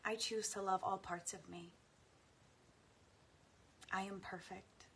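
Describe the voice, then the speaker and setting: A woman guiding a tapping meditation, speaking affirmations slowly and softly with deep sighs between them. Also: flat delivery, gravelly, a little hiss or hum. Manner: slow, soft and soothing, with frequent deep sighs. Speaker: guided tapping practice leader.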